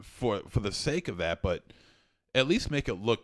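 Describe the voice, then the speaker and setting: A man's voice: on the low side, big pitch swings, normal speed, fairly bright tone, dry recording, clean studio sound. A man co-hosting a casual podcast chat who stammers and restarts his sentences and laughs easily. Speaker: podcast co-host.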